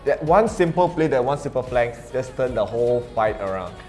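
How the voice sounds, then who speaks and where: A man giving live esports play-by-play at a medium pitch. He talks in a steady, analytical way. Faint music plays underneath. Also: a little fast. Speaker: esports caster. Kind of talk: live game commentary.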